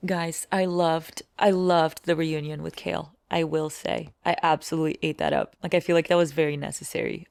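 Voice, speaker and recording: A woman's voice: low-pitched, gravelly. A young woman reading and gushing in a casual, emotional book vlog, swearing freely. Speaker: book vlogger.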